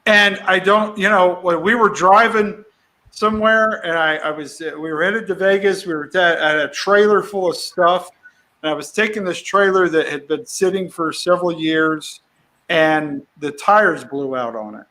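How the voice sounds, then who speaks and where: A man who is a comedian, chatting as an interview guest and telling lively stories, acting out quoted lines with whoops and cheers. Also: sits high, normal speed. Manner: animated storyteller, acts out quoted voices with whoops. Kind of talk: casual interview chat.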